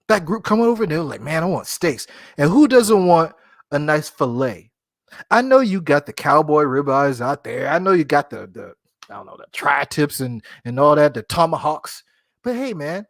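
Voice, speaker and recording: A man talks through a casual solo podcast, joking and laughing at himself as he goes. His pitch swings widely from low to high, and the close mic sounds dry, with no room echo. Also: very animated, normal speed. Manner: playful, jokey, laughs at himself. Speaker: podcast host.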